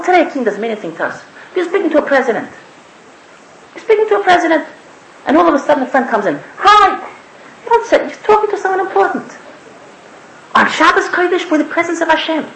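A woman gives a spoken religious sermon in an echoey room, emphatic and repetitive, putting rhetorical questions to her listeners. Her voice is high-pitched, with a little hiss or hum.

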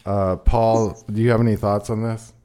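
Laid-back, dark-voiced male talk host. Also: on the low side, flat delivery, normal speed, clear, resonant tone. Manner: loose, profane, laid-back banter. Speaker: radio show host. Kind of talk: casual talk radio.

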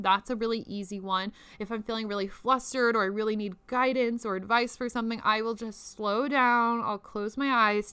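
Bright, crisp young woman podcaster. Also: a little high, no echo. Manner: chatty and profane, many "like"s, laughs often. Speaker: podcast host. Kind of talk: casual spiritual podcast talk.

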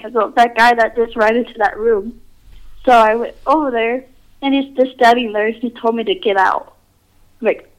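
A woman's voice: a little high, normal speed, rough recording. A woman telling her own ghost experiences in casual, rambling talk, full of "like" and restarts. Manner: rambling, filler-heavy, says "like" often. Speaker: storyteller. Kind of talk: casual personal storytelling.

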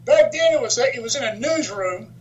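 A man with a notably high voice spins old stories in a loose, chatty way. He laughs through his own punchlines and swears without a second thought. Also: moderate pace, lo-fi sound, very noisy. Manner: animated storyteller, laughs often, swears freely. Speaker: wrestler and author, guest. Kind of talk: casual storytelling interview.

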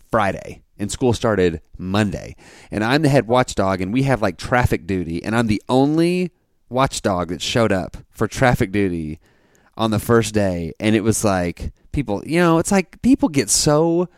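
A man in his thirties co-hosting a podcast, chatting playfully with quick interjections. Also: fairly low pitch, dry recording, studio quality. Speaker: podcast co-host. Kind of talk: casual chat.

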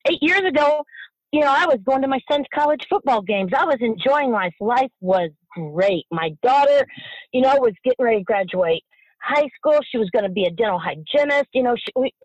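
Impassioned middle-aged woman, halting speech. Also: a little high, animated, dry recording, dull audio. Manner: impassioned, halting, repeats herself. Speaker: guest, bereaved mother. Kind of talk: emotional interview.

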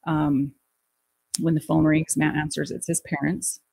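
A middle-aged woman telling an emotional personal story in an interview, halting and restarting her sentences. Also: deep voice, flat delivery, creaky, darkish tone, a little hiss or hum, rough recording. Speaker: guest recounting a family death.

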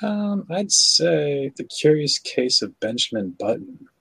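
A man's voice: on the high side, very animated, takes it slowly, vocal fry, a bit bright, breathy edge, dry recording, rough recording. A man co-hosting a casual podcast, laid-back, laughing and swearing as he recalls scenes. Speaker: podcast co-host. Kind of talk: casual chat.

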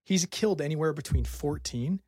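A man hosting a casual podcast, excitedly presenting his research as he talks and swearing casually. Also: a little high, a little fast, breathy edge, dry recording, studio quality.

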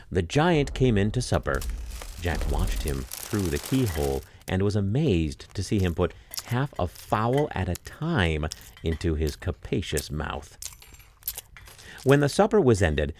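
A man narrating a fairy tale in an expressive, storytelling way. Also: sits low, a little slow, a little hiss or hum. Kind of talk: dramatic fairy tale reading.

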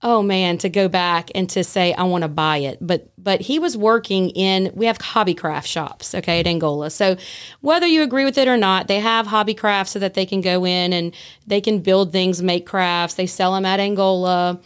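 A woman in the guest seat, telling a story in a chatty, lively way. She slips into the voices of the people she describes and keeps a casual, conversational flow. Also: medium pitch, moderate pace, clean tone. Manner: animated, acts out dialogue in her story. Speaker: guest, former prison staff.

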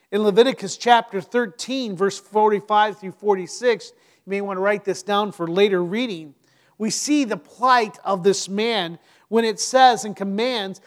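High-voiced man preaching earnestly. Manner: earnest, slow emphatic delivery with dramatic pauses. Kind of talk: sermon.

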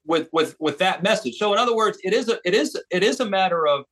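A man's voice: sits high, expressive, fast talker, a bit bright. An American man, an author and street preacher, talking earnestly in a podcast interview and often restarting his sentences. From United States. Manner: earnest, emphatic, with frequent restarts.

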